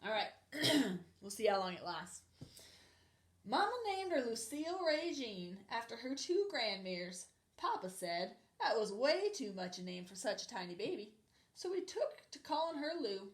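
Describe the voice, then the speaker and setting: A woman's voice: on the high side, very animated, normal speed. Woman with a put-on southern accent reading a kids' storybook, chatty and friendly. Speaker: storybook reader. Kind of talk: reading a picture book aloud.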